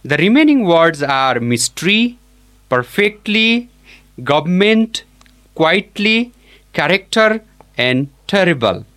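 A man teaching an English pronunciation lesson, modelling each word slowly and deliberately. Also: high voice, very animated, a bit bright.

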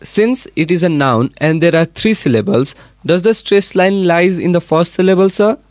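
Polite guy student asking the teacher stuff, slightly high voice, dry sound. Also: moderate pace, darkish tone, dry recording. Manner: polite, addresses the teacher as sir. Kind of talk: asking questions in class.

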